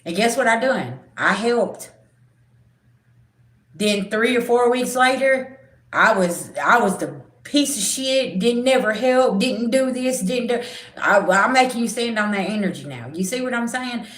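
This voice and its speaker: Blunt, animated woman in a roomy space. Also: fairly high pitch, unhurried. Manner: blunt, swearing, animated storytelling. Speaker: spiritual reader. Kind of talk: casual livestream chat.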